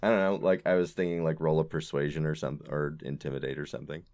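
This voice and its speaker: A man's voice: very deep voice, flat delivery, fast, darkish tone. A man playing a tabletop game, laughing at himself and swearing freely as he calls his rolls. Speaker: player. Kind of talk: casual tabletop game play.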